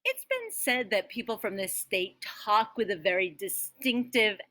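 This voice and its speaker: Chatty teacher, dry sound. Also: female voice, medium pitch, a little slow, sharp tone, no echo. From Rhode Island. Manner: chatty, with jokey asides. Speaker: school band teacher. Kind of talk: school morning announcements.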